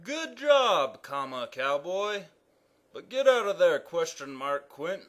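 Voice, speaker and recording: Guy putting on a loud bossy cartoon king, highish voice, slow and proclaiming. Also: sing-song, heavily acted. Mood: commanding. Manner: booming proclamations. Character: pompous loud male king of punctuation. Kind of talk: animated cartoon voice acting.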